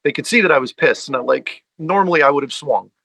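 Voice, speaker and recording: Gravelly chatty man telling stories. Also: a little high, fast, pushed and bright, no echo, rough recording. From tri-state area, US. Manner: chatty storyteller, many fillers. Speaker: guest, fan and collector. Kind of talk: casual sit-down conversation.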